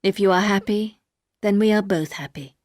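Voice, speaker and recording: A woman voicing a gruff, brooding older aristocratic husband, speaking low, curt and measured. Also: a little mellow, no room sound, studio quality, close to an everyday voice. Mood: somber.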